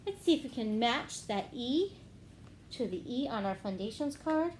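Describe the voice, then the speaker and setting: Lively sing-song woman teacher. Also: a little high, normal speed, a little hiss or hum. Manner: gentle, sing-song clapping out syllables. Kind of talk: phonics lesson for young children.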